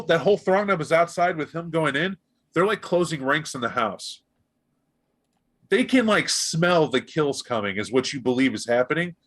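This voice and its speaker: A man narrating as game master of a tabletop role-playing game, animated and jumping into characters' voices. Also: a little high. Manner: animated, voices gang members in bursts.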